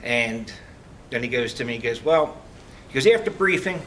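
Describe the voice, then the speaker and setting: A middle-aged man giving a heartfelt farewell speech as a retiring police lieutenant, telling stories with halting restarts. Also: mid-range voice, steady tone, fairly bright tone. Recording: distant mic, faint background noise.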